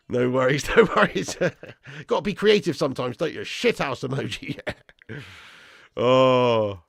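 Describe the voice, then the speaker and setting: A man's voice: mid-range voice, expressive, takes it slowly, vocal fry, long pauses, no echo, clean studio sound. A young man hosting a football watch-along, reading out live chat with swearing banter and calling viewers lad and bro.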